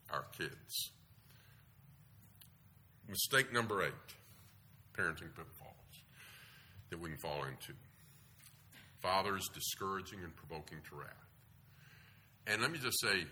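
Low-voiced, lively preacher. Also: male voice, a little hiss or hum. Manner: conversational, asks the audience questions. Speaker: pastor. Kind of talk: sermon.

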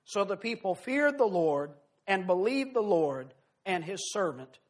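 High-voiced man preaching a sermon. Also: big pitch swings. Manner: earnest, emphatic, slows and swells on key phrases. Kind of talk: sermon with scripture reading.

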